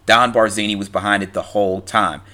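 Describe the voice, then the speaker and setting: A man talks through a film's story in an easygoing, rambling way, stopping to restart his sentences and filling gaps with "like" and "you know." His voice sits on the low side but has a bright, forceful edge. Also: fairly even intonation, brisk. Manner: conversational, loose, with fillers and restarts, acting out quoted lines. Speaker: film recap commentator. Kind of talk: casual retelling of a film plot.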